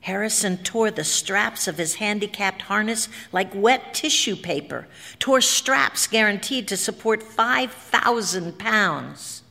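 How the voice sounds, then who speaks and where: A woman's voice: mid-range voice, slow, creaky, bright, forceful tone. A woman reads a story aloud in a dramatic, vivid way. Her voice sits in a middle range. A long hall reverb trails behind every phrase. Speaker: narrator. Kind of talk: expressive story reading.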